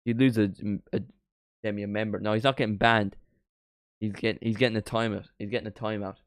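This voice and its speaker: A young man doing a live football watchalong, reacting to the match and chatting with viewers, bursting into shouts at big moments. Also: on the low side, level tone, quick pace, dry recording, studio quality. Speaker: watchalong streamer.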